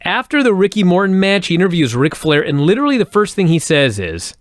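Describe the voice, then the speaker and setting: A man's voice: sits high, very animated, a little fast, hardly any pauses, no room sound, clean studio sound. Wry male wrestling podcast co-host. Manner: wry, joking banter. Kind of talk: casual review chat.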